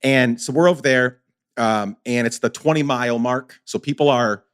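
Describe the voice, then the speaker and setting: A man hosting a podcast speaks at a mid pitch. He talks with passion and urgency, and his emphatic delivery keeps rising toward loud insistence. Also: normal speed, clear, resonant tone. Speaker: podcast host. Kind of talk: casual conversation.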